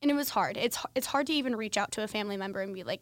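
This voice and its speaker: A young woman hosts a podcast, talking through her own story in a candid, conversational way, full of fillers. Her voice sits in the middle of the usual pitch range for a woman. The recording is dry and close, with no room echo. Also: animated, racing. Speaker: podcast host. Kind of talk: personal storytelling monologue.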